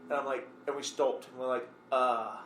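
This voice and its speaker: A man's voice: medium pitch, fast talker. Rambling man hosting a podcast. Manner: relaxed, rambling with many fillers. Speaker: podcast host. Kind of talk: casual interview chat. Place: bar or room, recorded on a phone. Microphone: phone recorder. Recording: echoey room.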